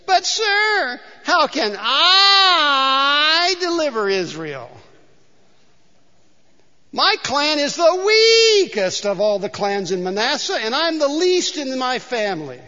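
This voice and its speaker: Whiny timid young man, very high and thin, pleading, as a pastor puts him on in a dull echoing hall. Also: very animated, slow, sharp tone, heavily acted. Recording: dull sound in a large reverberant hall.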